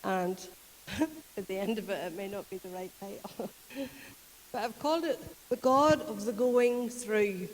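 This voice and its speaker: A woman's voice: medium pitch, unhurried, long pauses, in a large hall, a little hiss or hum, low-quality recording. A woman with a Northern Irish accent preaching a conversational sermon, retelling a story in a chatty way and often laughing. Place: church.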